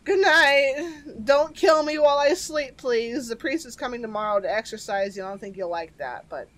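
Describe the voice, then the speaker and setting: A woman's voice: a little high, moderate pace, fairly bright tone, close to an everyday voice. Woman voicing a nervous rambling husband. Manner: rambling, nervous, sarcastic asides. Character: anxious husband Stan, grown man.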